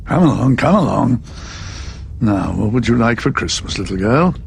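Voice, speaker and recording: Sly Santa figure, gravelly, teasing, lively pitch. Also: male voice, moderate pace, slight background noise.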